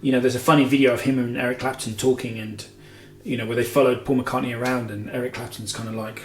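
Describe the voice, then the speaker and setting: Casual male host, mid pitch, meandering and chatty, recorded in an echoey room. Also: steady tone, brisk. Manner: rambling, heavy with filler "you know"s and self-corrections. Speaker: guitar show host. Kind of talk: casual Q&A chat. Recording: roomy echo with faint music.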